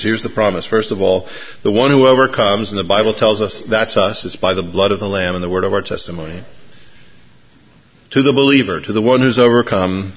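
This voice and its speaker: Pastor guy preaching, tells a story and gets worked up, then goes soft, medium voice, kinda muffled audio. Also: medium pitch, normal speed. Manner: storytelling, building excitement, then soft and reflective. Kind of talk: sermon. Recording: slightly muffled lo-fi recording.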